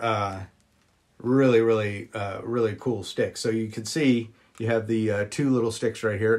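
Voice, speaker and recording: A man chatting casually on a live stream, greeting viewers and filling pauses with ums as he shows old magic props. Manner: chatty, greets viewers, jumps up high on exclamations; frequent ums and uhs. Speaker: vlogger showing magic props.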